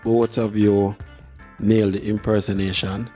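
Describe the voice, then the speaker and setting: Judge guy, lowish mellow voice, pretty flat, measured feedback, soft music under. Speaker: talent show judge.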